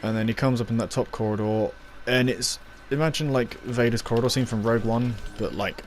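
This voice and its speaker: A man's voice: mid-range voice, steady tone, brisk, soft background music. A man giving a casual, rambling spoken review, recapping scenes with lots of fillers and little acted-out quotes.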